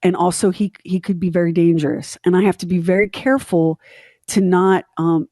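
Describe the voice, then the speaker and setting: A middle-aged woman co-hosting a podcast, telling a story in candid, animated casual chat and acting out the quotes. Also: on the low side, fairly quick, dry recording, clean studio sound. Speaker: podcast co-host.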